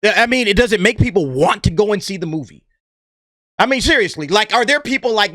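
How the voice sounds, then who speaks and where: Man, sarcastic blunt rant, slangy, dry close sound, sharp tone. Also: sits high, expressive, fairly quick, no echo. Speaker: movie commentary vlogger. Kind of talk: ranting opinion commentary.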